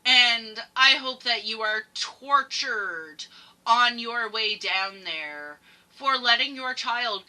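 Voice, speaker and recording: A woman's voice: medium pitch, pushed and bright. A woman hosting a reaction video, giving emotional, rambling commentary with frequent swearing. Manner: heated, swears often, rambling.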